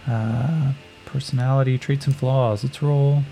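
Low, gravelly male game narrator. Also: slight background noise, poor audio. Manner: relaxed and unhurried, with many fillers. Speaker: solo tabletop game narrator. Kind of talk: narrating a solo tabletop game.

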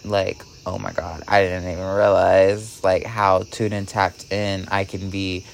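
A man's voice: low-pitched, a little slow, vocal fry, slight background noise. Rambling man telling a story with "like". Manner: rambling, fills every phrase with "like"; animated, swings from hushed to excited. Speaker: vlogger. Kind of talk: casual storytelling vlog.

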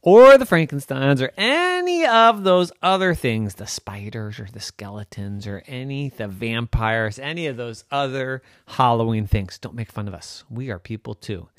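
A man's voice: mid-range voice, expressive, no echo, studio quality, natural voice. A man voicing a touchy, chatty male ghost who rants indignantly about being teased. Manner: rapid, indignant ranting.

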